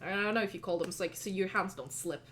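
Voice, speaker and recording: A woman's voice: medium pitch, fast talker, a bit bright, slight background noise. A woman narrating as game master in a loose, filler-heavy way.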